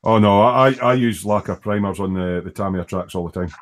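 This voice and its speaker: A man's voice: on the low side, fairly quick. A Scottish man hosting a casual online model-building chat, talking with lots of fillers and restarts. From Scotland. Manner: hesitant, many fillers and restarts. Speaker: host of a model-building live stream.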